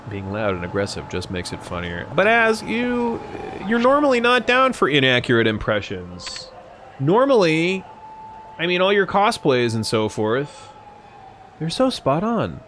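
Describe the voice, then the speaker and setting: A man's voice: fairly high pitch, huge pitch swings, unhurried, a bit bright, slight background noise. A young man live-streaming a game, chatting casually with lots of swearing and jokes. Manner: casual, profane, joking. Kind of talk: live-streamed gameplay commentary.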